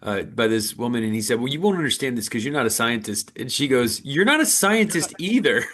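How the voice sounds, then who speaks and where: A man's voice: medium pitch, fast, fairly bright tone. A man co-hosting a casual podcast with blunt, dry quips. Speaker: podcast co-host.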